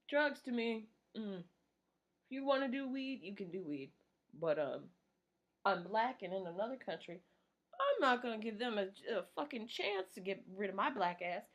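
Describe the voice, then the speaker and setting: A woman's voice: mid-range voice, animated, moderate pace, fairly bright tone. A woman in her thirties vlogging casually while doing her makeup, rambling, swearing and poking fun at herself. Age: 30s. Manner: rambling, profane and self-mocking.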